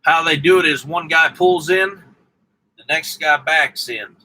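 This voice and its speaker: His voice is a little high, pushed and bright, and a little slow as this Southern truck driver casually chats with viewers by name. The audio is poor.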